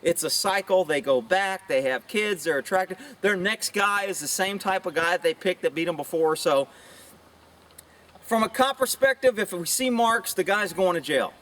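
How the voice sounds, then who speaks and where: Outdoors near some chickens, a middle-aged policeman shares his views in a casual monologue to camera, his voice expressive, a bit bright, and at a moderate pace. He's blunt and opinionated, drifts into rambling asides, and mimics women he quotes in high, mocking tones. The mic picks him up from a bit of a distance.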